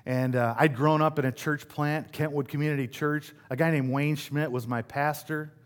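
Conversational middle-aged pastor preaching. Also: male voice, on the high side, fairly even intonation, normal speed. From West Michigan, USA. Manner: conversational, self-deprecating storytelling with rhetorical questions. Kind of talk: sermon.

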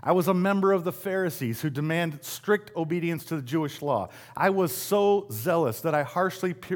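A middle-aged man from West Michigan preaching a sermon in a conversational, self-deprecating way, asking the congregation rhetorical questions. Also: mid-range voice. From West Michigan, USA. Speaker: pastor.

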